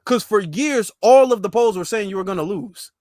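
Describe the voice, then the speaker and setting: A male commentator reacts to the news in a mocking, slangy, animated way. His voice sits high. The sound is dry and close. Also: moderate pace, no room sound. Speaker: political commentator. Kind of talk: casual political commentary.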